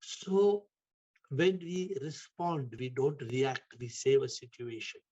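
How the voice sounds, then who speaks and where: A man giving a spiritual talk, telling stories with emphatic repetition and sudden shifts in loudness. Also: medium pitch, takes it slowly, lo-fi sound. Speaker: spiritual teacher. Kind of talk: spiritual talk to an online audience.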